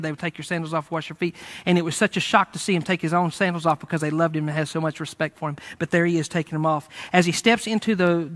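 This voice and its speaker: Male preacher, high-pitched, casual storyteller giving a sermon. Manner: lively storytelling, conversational, with fillers. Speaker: pastor.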